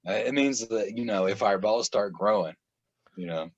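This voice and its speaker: An author guest on a podcast tells rambling stories in a lowish voice at a moderate pace, laughing a lot and often restarting sentences. The recording is dry, dull, and lo-fi.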